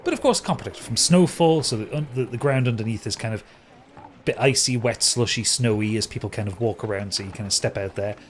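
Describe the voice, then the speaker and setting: A man's voice: medium pitch, fast talker, a little hiss or hum. A man narrating a tabletop game as game master, rambling with many fillers and hesitations.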